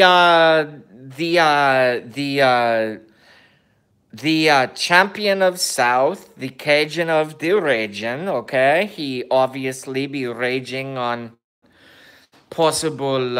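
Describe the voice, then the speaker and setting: A man putting on a mock Kazakh accent, playing a crude, bragging foreigner in slow, halting broken English. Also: mid-range voice, a bit bright, clean tone. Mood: boastful. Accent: put-on mock Kazakh accent. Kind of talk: comedic impression in a vlog.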